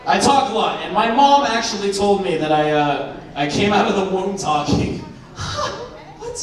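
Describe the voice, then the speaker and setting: A man's voice: high-pitched, sing-song, unhurried. A nineteen-year-old man from Arizona doing a rambling, self-mocking stand-up set in a comedy club, recorded by a far-off camera. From Arizona, USA. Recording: far-off echoey club with crowd and noise.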